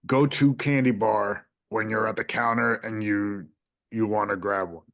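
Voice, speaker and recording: A man co-hosting a casual podcast, relaxed and teasing in his banter. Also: lowish voice, a little slow, gravelly. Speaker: podcast co-host.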